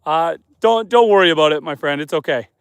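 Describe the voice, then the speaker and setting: A homesteader from Canada chats on a livestream from his snowy yard after dark. He reads viewer comments aloud and answers them in an easy, relaxed way. His voice sits a little higher than most men's, and the sound is dry and close to the phone mic. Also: fairly quick, clear, resonant tone, no echo. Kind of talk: casual live stream chat. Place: outdoors at night on a snowy homestead.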